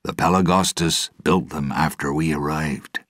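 A man voicing a grim older sailor who speaks quietly and seriously. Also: very deep voice, steady tone, a little slow, dry recording, studio quality, heavily acted. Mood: grave. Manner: quiet, grave.

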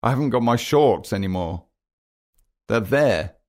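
A man's voice: fairly low pitch, lively intonation, a little slow, a little mellow. A man voicing a scared, muddy young boy in a storybook reading, pleading in a raised voice. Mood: complaining.

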